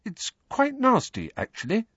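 Male reader voices a fretful, clever teen girl in a raised pitch; dull, dry recording. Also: big pitch swings, fairly bright tone, husky, no room sound, heavily acted. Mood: anxious. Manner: nervous, tart, hurried. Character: anxious bookish teenage girl.

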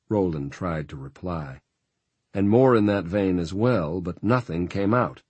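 A male narrator reads a novel in a steady, measured way. His voice sits very low and carries a husky grain. The sound is close and dry, as from a booth. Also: no echo. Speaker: audiobook narrator. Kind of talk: scripted narration.

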